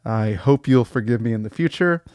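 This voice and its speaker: A man's voice: moderate pace, a little mellow, clear, resonant tone, dry recording. Dry-voiced man ranting in mock outrage. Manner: mock-serious rants with sudden pitch jumps and awkward laughs. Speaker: comedy podcast host. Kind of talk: absurdist comic monologue.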